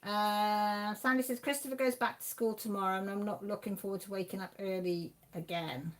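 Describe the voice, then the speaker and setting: A woman's voice: mid-range voice, steady tone, moderate pace. A woman hosting a craft livestream, chatting casually as she reads out viewer messages and answers them. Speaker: livestream host. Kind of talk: casual chat reading viewer comments.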